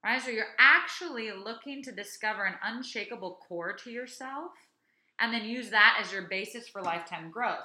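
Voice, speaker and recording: A woman's voice: a little high, normal speed, bright, forceful tone, echoey room. A woman in her thirties co-hosting a casual chat, talking things through and reading aloud from a website. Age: 30s. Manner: chatty, reads aloud from a website. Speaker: podcast co-host.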